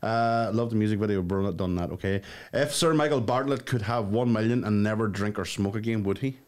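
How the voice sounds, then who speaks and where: A man's voice: fairly low pitch, a little fast, darkish tone. A man co-hosting a podcast, reading out listener messages in crude, joking banter. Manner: crude, joking, laughs often. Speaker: podcast co-host.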